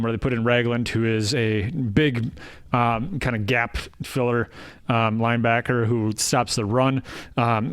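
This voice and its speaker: A man co-hosting a casual sports podcast, teasing dryly and halting often with fillers. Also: mid-range voice, dry recording. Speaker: podcast co-host.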